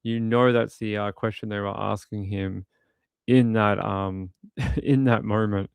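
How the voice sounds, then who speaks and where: A man's voice: fairly low pitch, steady tone, measured pace, vocal fry, clean tone, no echo. A man who hosts a true crime stream, rambling and indignant as he comments on videos. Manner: rambling and indignant, with frequent restarts. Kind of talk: casual commentary while watching videos.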